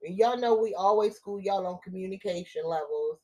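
A woman's voice: mid-range voice, brisk, dark tone. Woman co-host on a couples podcast, teasing her husband, giving relationship advice. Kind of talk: casual couple's podcast chat.

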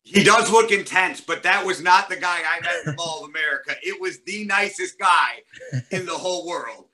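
A man's voice: sits high, normal speed, pushed and bright. A man co-hosting a podcast in casual sports chat, blunt and joking, swearing freely. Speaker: podcast co-host.

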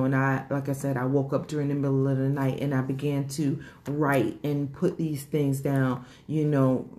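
A woman, sharing a rambling, emotional personal story about starting her organization, with many fillers and repeated words. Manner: grows animated and higher when excited.

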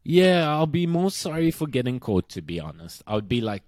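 A man's voice: medium pitch, big pitch swings, moderate pace, few pauses, darkish tone, no echo. A young man from South Africa with a South African accent, co-hosting a casual podcast chat in a crude, joking way and laughing through his own lines. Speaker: podcast co-host.

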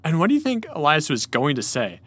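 Male podcast co-host, playful, laughs a lot; bright, animated voice. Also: a little high, fairly quick, slightly rough. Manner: playful, laughs often, lively reading. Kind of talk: casual chat reading a story aloud.

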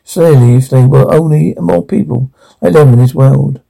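A man's voice: mid-range voice, normal speed, gravelly, dark tone, poor audio. An actor playing a fussy, sentimental middle-aged businessman in a cartoon, speaking in a gushing, overwrought way. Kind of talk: cartoon voice acting.

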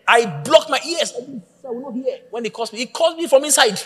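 A man preaching a sermon, telling a story with lively acted-out voices and shouting at the peaks. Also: very high-pitched, moderate pace, breathy edge, big-room sound. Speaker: pastor.

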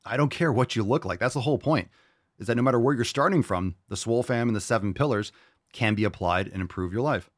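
A man's voice: medium pitch, fast, no room sound, studio quality. A man hosting a show and answering listener questions, giving a blunt, profane motivational rant. He mocks people in whiny put-on voices.

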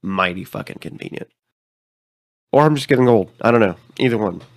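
A man with a cold, his voice deeper than usual, chatting casually as podcast co-host and swearing freely. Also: a little fast, no room sound, studio quality. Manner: casual, profane, joking. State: sick with a cold. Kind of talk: casual chat.

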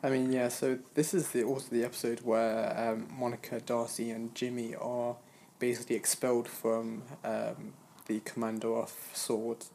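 A man casually recapping a TV episode, measured and hedging with lots of "kind of" and "basically". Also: mid-range voice, flat delivery, gravelly, a little mellow, a little hiss or hum.

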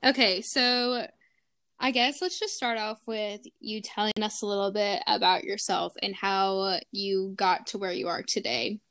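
A woman's voice: mid-range voice, fairly even intonation, measured pace, fairly bright tone. A young woman co-hosting a podcast, chatting casually in a bubbly, giggly way full of fillers. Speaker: podcast co-host. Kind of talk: casual chat.

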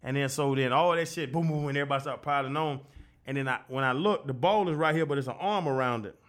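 A man guest telling stories in a casual podcast chat, profane and animated, quick to laugh and acting out what others said. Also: mid-range voice. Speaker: guest, former football linebacker.

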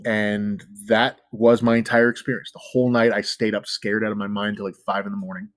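A man's voice: lowish voice, little pitch movement, fairly quick, no echo. A man telling a spooky story in casual talk, rambling and full of fillers, joking about himself now and then. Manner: rambling, filler-heavy with frequent "like". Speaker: storyteller guest.

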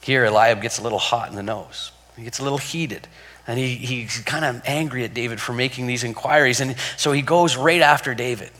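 A man's voice: medium pitch, brisk, bright, forceful tone. A man preaching a sermon in a conversational way, repeating words and asking rhetorical questions. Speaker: pastor. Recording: long hall reverb.

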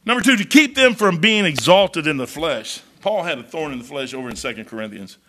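A man's voice: a little high, fairly quick. A man preaching a folksy, storytelling sermon as pastor, peppering his talk with "man". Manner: folksy, storytelling, animated, says "man" often.

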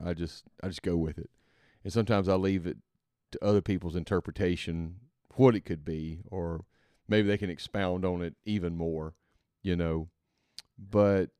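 Deep smooth guy rambling thoughtfully on his faith podcast, quiet, kinda halting. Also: no room sound, clean studio sound. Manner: rambling and halting, thinks aloud. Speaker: podcast host and father. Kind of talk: reflective faith podcast monologue.

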